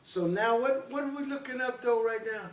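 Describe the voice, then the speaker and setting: Man, a commanding classroom teacher with a high voice, recorded far off in an echoey room. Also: fairly quick, a little hiss or hum. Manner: commanding, drills students call-and-response.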